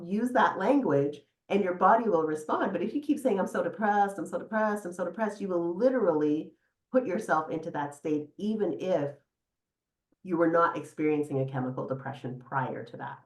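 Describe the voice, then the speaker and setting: A middle-aged woman psychotherapist speaks as a podcast guest in a fairly low voice. She talks in an animated, warm-humored way and laughs easily. The sound carries the echo of a live room. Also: moderate pace. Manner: animated, laughs often, guides listener through exercise. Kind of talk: casual podcast interview. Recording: echoey room.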